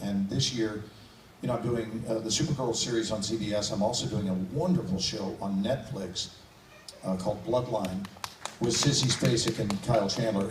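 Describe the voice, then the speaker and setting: Man on a panel, echoey, distant. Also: lowish voice. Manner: playful, joking with the audience. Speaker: actor guest on a convention panel. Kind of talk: convention panel talk. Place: convention panel room. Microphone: phone recording from the audience. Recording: echoey room, distant phone mic, noisy.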